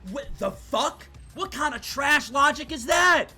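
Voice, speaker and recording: A male streamer giving animated, indignant let's-play commentary, swearing as he reacts. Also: extremely high pitch, measured pace, faint music behind.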